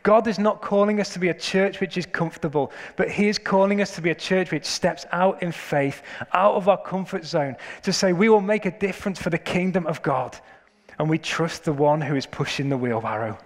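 A man's voice: high voice, fairly quick, in a large hall. A man preaching a sermon, telling stories and building to emphatic questions.

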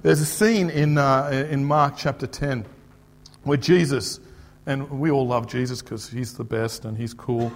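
A man's voice: mid-range voice, fairly even intonation, unhurried, in a large hall. A middle-aged man with an Australian accent, preaching a chatty, joking sermon and asking the audience questions. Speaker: pastor. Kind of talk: conversational sermon.

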